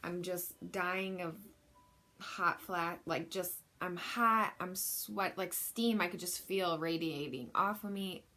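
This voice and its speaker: A woman's voice: fairly low pitch, slow, sharp tone. A young woman casually telling a personal story in a candid, chatty, self-deprecating way. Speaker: vlogger.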